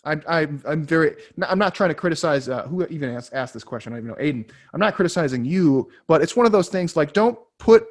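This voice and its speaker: A man with a slightly high voice talks quickly and bluntly in casual fitness podcast chat. He is emphatic and swears often. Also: expressive. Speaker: podcast co-host.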